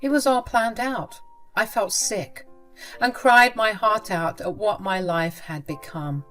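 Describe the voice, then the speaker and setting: A woman reading a first-person story aloud in a steady, measured way. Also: on the low side. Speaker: story narrator. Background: faint background music.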